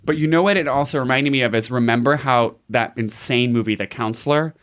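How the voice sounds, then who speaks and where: A man's voice: mid-range voice, fairly quick, fairly bright tone. A man co-hosting a podcast, rambling loosely through a story with lots of fillers. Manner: rambling, full of "like". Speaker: podcast co-host. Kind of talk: casual chat.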